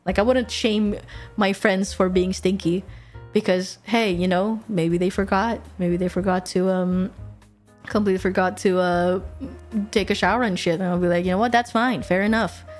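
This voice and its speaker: A young woman streamer in casual chat, animated, swearing freely and laughing often. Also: lowish voice, normal speed, soft background music.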